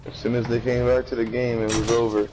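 A man's voice: medium pitch, little pitch movement, quick pace, music in the background. A man in casual gaming chat over voice chat, laid-back and bantering. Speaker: gamer.

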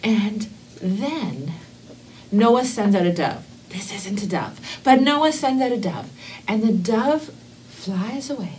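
A woman's voice: medium pitch, slight background noise, rough recording. Woman telling a Bible story to kids. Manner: expressive, slows down for emphasis, drops to whispers. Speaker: Sunday school teacher.

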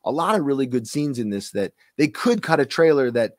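A man is a guest on a casual radio interview, his voice captured dry with little room sound. He rambles and hesitates, leaning on a steady stream of fillers. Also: mid-range voice, brisk, no echo. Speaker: guest actor.

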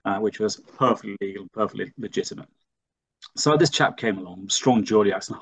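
A man's voice: fairly low pitch, a little fast, a bit bright, husky. A middle-aged man from Leeds, telling stories in an interview as a pilot and flight instructor. He brings his anecdotes to life and acts out the dialogue in them. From Leeds, England. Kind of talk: storytelling in a conversational interview.

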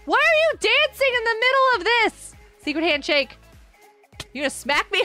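A woman streaming a game live, giggling often and reacting excitedly while greeting her viewers. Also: very high-pitched, unhurried, faint music behind. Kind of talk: live-stream gameplay commentary.

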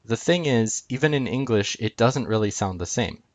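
A man's voice: mid-range voice, animated, normal speed, no room sound. A man teaching from a chart on screen, talking unscripted with frequent ums and uhs as he walks through each item. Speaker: video lecturer.

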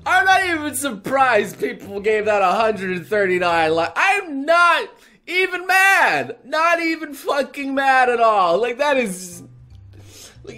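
A man hosting a reaction video, excitable and loud, swearing often and protesting. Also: high-pitched. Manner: excitable, swears a lot, laughs and protests loudly. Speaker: host reacting to fan videos. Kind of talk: reaction commentary.

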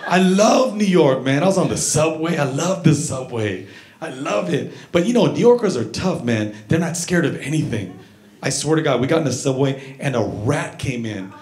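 A man's voice: fairly high pitch, moderate pace, crowd noise. A man doing a stand-up comedy set, telling stories animatedly and acting out scenes on a club stage. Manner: animated storytelling, acts out scenes. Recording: echoey club, audience laughter.

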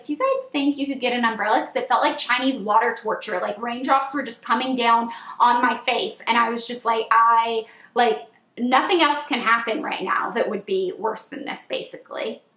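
A woman in her twenties telling a long storytime vlog, chatty and animated, with lots of "like" and squealed quotes. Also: on the high side, roomy sound. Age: 20s. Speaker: vlogger.

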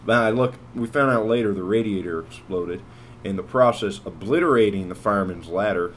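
A man's voice: on the low side, fairly quick, slight background noise, lightly acted. A man playing a rambling, beer-bellied guy. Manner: rambling and meandering, full of "like" and false starts. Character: scruffy, beer-bellied, self-important man. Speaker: cartoon lead and narrator. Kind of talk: rambling storytelling.

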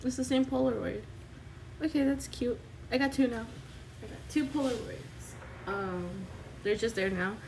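A woman vlogger chatting through an unboxing, excitable and gushing, squealing with delight. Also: fairly high pitch, normal speed, vocal fry, slight background noise, poor audio. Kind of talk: casual unboxing vlog.

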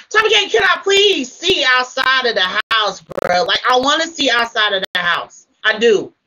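A woman runs a livestream panel and keeps pressing a guest with blunt, profane demands. Her voice sits high and sounds bright and sharp. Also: very animated, takes it slowly, low-quality recording. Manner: confrontational, swearing, repeating demands. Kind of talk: heated livestream argument.

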